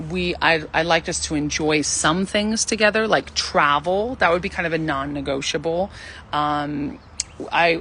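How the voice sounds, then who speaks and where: A woman in her thirties talks casually on a livestream, giving dating advice. Her voice sits a little low but has a bright, forceful edge. She is animated and chatty, and she acts out the voices she quotes. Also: slight background noise. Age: 30s.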